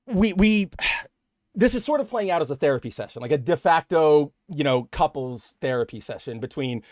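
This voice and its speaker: A man's voice: a little high, animated, moderate pace, a little mellow, dry recording, studio quality. A young man co-hosting a casual comic book podcast, talking in long rambling stretches and acting out characters' lines. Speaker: podcast co-host.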